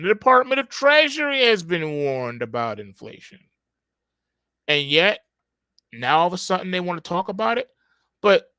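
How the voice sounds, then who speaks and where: A man's voice: fairly high pitch, pushed and bright, smooth, dry recording. A man hosting a market report, delivering opinionated commentary with sarcastic, emphatic rhetorical questions.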